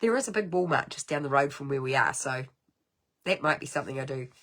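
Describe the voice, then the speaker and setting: A middle-aged woman with a New Zealand accent hosting a casual card-making livestream, chatty and rambling, with sudden high exclamations. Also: expressive, fast talker, a bit bright. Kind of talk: casual craft livestream chat.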